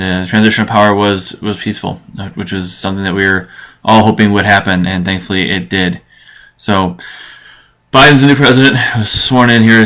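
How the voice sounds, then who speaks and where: A man's voice: lowish voice, fairly bright tone. A man hosting his own podcast, giving a solo commentary monologue with lots of ums and restarts. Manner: halting, full of ums and restarts. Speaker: podcast host.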